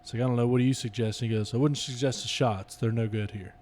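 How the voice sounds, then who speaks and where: A man's voice: medium pitch, steady tone, fast talker, darkish tone. A man on a casual comedy podcast, telling crude jokes in a loose, laughing way. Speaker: podcast host.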